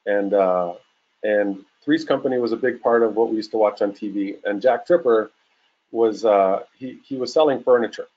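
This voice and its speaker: A man in his forties giving a casual webinar talk as a real estate coach, acting out phone calls in a lively way. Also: lowish voice, moderate pace, highs cut off. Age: 40s. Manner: casual, animated, acts out calls.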